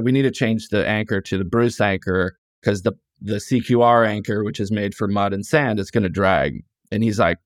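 Speaking on the low side, a middle-aged Californian man appears as a guest author, telling casual interview stories full of restarts and quoted dialogue in a relaxed, rambling way. The sound is studio quality with no echo.

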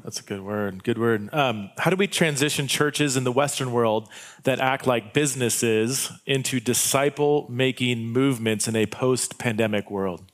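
A man's voice: mid-range voice, normal speed. A man hosting a podcast who asks long, searching questions and affirms his guest with short interjections.

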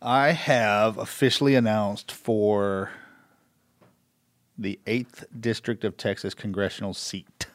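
Low-voiced laid-back man. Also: steady tone, takes it slowly, no room sound. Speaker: podcast co-host. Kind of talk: casual chat.

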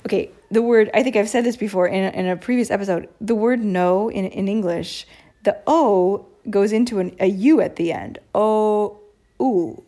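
An American woman in her thirties co-hosting a podcast, chatting casually and acting out sounds and accents with lively emphasis. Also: mid-range voice, normal speed. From United States. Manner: animated, demonstrates sounds and accents. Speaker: podcast co-host. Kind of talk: casual conversation.

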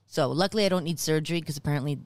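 A woman guest on a podcast, telling stories in a chatty, self-mocking, animated way in a studio. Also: low voice, very fast, no echo. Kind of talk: casual chat.

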